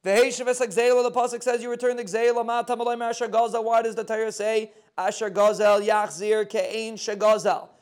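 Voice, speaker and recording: A man teaching a Talmud lesson, reading the Aramaic text and explaining it in quick with phrasing. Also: high voice, level tone, smooth. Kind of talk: daf yomi Talmud lesson.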